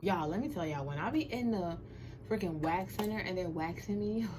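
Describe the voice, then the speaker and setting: A woman's voice: lowish voice, animated, moderate pace. A young woman filming a casual vlog at home, chatting playfully with her viewers and giggling through her nerves. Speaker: vlogger. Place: small room at home under a ring light.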